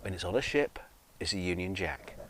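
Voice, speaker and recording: A man's voice: sits low, animated, fairly quick, fairly bright tone, a little hiss or hum. A drunk man with an English accent, rambling in a casual monologue with many fillers, restarts and swearing. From England, of Scottish family. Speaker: guitar video maker.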